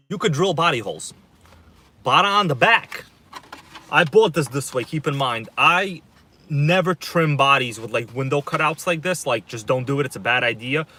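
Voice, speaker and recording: A man's voice: on the high side, bright, forceful tone. A man hosting a casual livestream from inside his parked car at night, chatting loosely and greeting viewers by name. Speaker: livestream host. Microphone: phone.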